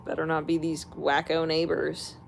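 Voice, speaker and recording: A woman's voice: deep voice, little pitch movement, normal speed, vocal fry, slight background noise. A woman hosting an astrology channel, ranting casually and bluntly to her viewers, swearing freely and laughing between remarks.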